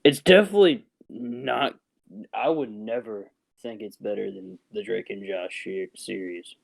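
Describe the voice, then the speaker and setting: A man's voice: fairly low pitch, measured pace, vocal fry, rough recording. A young man co-hosting a podcast, chatting casually and joking loosely, laughing often. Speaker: podcast co-host. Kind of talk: casual chat.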